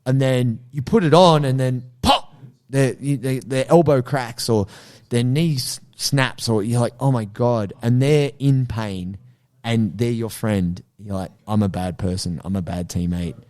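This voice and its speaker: Male podcast co-host, mid-pitched, lively storyteller who acts out scenes. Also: unhurried. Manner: animated storyteller acting out his own reactions. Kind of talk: casual podcast chat.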